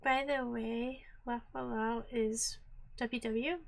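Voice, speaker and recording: A woman's voice: a little high, flat delivery, slow, creaky. A woman streaming herself as she learns Japanese, chatting casually and giggling often. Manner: giggly, laughs often and openly; chatty, reacts out loud to the app. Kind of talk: casual live-stream chat.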